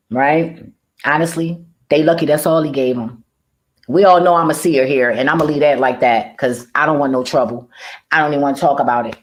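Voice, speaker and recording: A woman reaction vlogger talking casually, profane, emphatic and rambling. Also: low-pitched. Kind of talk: casual livestream rant.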